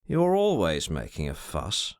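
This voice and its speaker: Cool lazy gentleman boss, murmurs slow and tolerant, a bit sinister, as a man reads him. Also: a little high, huge pitch swings, vocal fry, no room sound, clean studio sound, pitched above the performer's own voice, heavily acted. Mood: languid. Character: languid, cool gentleman master, quietly menacing.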